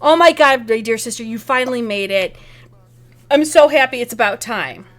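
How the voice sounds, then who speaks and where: A woman voicing a gushing female vampire with a French accent, high and breathless with excitement. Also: measured pace.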